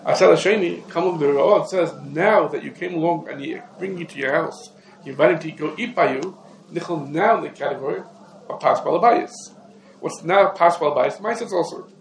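A man teaching a lecture on Jewish law, explaining rapidly and peppering his English with Hebrew legal terms. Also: fairly high pitch, vocal fry, a little hiss or hum. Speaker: rabbi teaching a class. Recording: echoey room.

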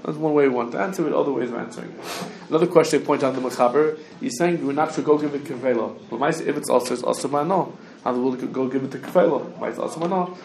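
A man teaching a Talmud class to students, talking quickly and restarting often, with Hebrew and Yiddish terms mixed in. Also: medium pitch, a little mellow. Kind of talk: casual Talmud study lesson. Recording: echoey room with faint background noise.

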